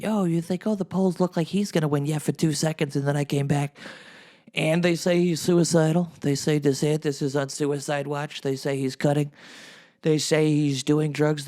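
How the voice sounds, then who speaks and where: A man's voice: fairly high pitch, darkish tone, natural voice. A male comedian doing a rambling, boastful impression of an older former president who says he is losing his voice. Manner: rambling, boastful, repeats phrases.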